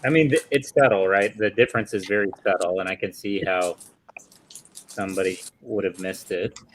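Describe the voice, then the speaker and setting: A man's voice: deep voice, fairly even intonation, moderate pace, slight background noise, low-quality recording. A man chatting casually while building, making short dry jokes and teasing remarks.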